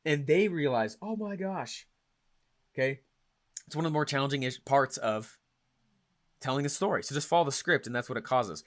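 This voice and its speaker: A young adult man coaching on marketing, talking in an energetic, punchy way and often checking in with "right?" and "okay?". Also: medium pitch, a little fast. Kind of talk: stage-style teaching talk.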